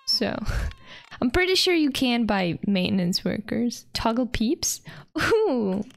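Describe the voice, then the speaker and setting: A young woman streaming a park-building game, excitable, swearing a lot and laughing often. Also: a little high, slow pace, gravelly. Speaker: vtuber streamer. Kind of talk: casual gameplay commentary.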